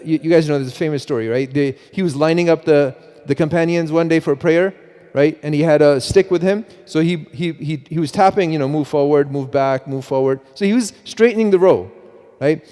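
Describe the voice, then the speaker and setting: A middle-aged man giving a mosque talk on parenting, animated, with many restarts and repeats, often quoting himself. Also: fairly high pitch, a little fast. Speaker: preacher. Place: mosque hall. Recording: long hall reverb.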